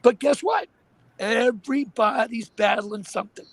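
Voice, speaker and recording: A man hosting a casual talk show, animated and emphatic, often repeating himself. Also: very high voice, unhurried, vocal fry. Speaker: show host.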